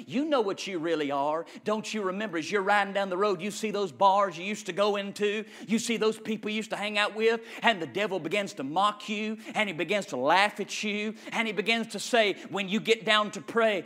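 A man preaching a sermon with rhythmic repetition and loud, fiery peaks. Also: high-pitched, moderate pace, few pauses.

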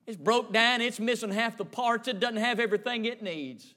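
A preacher playing an eager, insistent grandson. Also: male voice, very high-pitched, moderate pace, pushed and bright. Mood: pleading. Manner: insistent, repeated questioning. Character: eager young boy, grandson pressing questions.

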